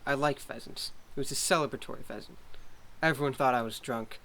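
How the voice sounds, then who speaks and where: Guy playing a deadpan weird ex news anchor, normal pitch. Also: fairly quick, vocal fry. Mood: dry. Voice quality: dry, matter-of-fact. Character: odd, dry former male newscaster. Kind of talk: indie comedy film acting.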